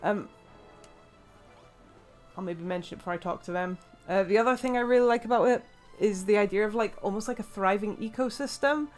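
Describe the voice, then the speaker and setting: A woman's voice: mid-range voice, brisk, a little mellow, faint music behind. An English woman giving casual, rambling commentary while playing a video game. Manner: chatty, rambling, many fillers and laughs. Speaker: let's play host.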